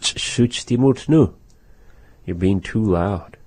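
A very low, mellow male voice, recorded close and dry. He teaches words of his language in a casual lesson, saying phrases slowly and musing aloud with "uh" and "you know". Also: dry recording. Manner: repeats phrases slowly, thinks aloud with fillers.

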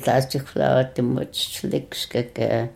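A speaker on a radio language lesson who translates phrases slowly, pausing and searching for words. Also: medium pitch, flat delivery, gravelly, darkish tone. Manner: slow, halting, searching for words.

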